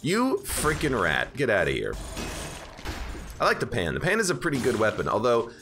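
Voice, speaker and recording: A man's voice: fairly low pitch, huge pitch swings, fairly quick, creaky. Chatty man rambling over game music. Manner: rambling, self-correcting, chatty. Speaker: game streamer. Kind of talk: casual let's-play commentary.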